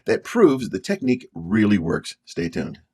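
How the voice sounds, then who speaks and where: A man's voice: fairly low pitch, wildly swooping pitch, unhurried. A man giving an emphatic motivational video talk, repeating his key phrases for emphasis. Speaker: motivational speaker.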